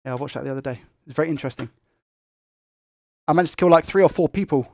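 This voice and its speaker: A young man who talks fast and excitably while hosting a tech live stream and reading viewer comments. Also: fairly high pitch, no echo, clean studio sound. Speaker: tech livestream host.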